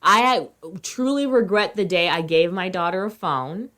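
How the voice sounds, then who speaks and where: This woman in her thirties co-hosts a podcast and keeps the talk relaxed and chatty, moving at a measured pace. She speaks a bit low, curses without holding back, and her delivery swells louder before dropping quieter.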